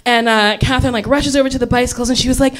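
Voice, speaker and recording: A woman's voice: a little high, steady tone, racing, slight background noise. A young adult woman telling a funny story on a podcast, chatty and giggly, full of "like", acting out the people in it.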